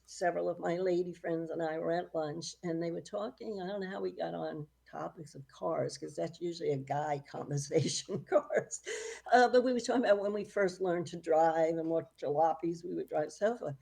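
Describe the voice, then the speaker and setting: A woman's voice: lowish voice, normal speed, vocal fry, slightly rough. A middle-aged woman, a book author, telling anecdotes in a casual interview and laughing often. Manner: lively storyteller, laughs often. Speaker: author, guest.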